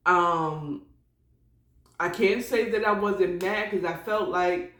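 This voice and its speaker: A woman's voice: on the low side, slow pace, a bit bright, reverberant. A woman hosting a casual solo morning chat podcast, rambling and chatty with prayerful asides. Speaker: podcast host.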